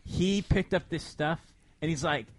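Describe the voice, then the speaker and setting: A man co-hosting a casual show, telling an animated story and acting out quotes with frequent laughter. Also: fairly high pitch, measured pace, no echo. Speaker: podcast co-host.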